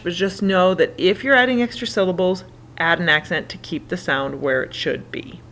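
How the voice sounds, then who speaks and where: A young woman teaching a recorded classroom lesson in a cheerful, talkative manner. Her voice sits slightly low for a woman. She walks through grammar rules with quick asides and short practice drills. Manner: upbeat, chatty, sings a verb song. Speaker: Spanish teacher.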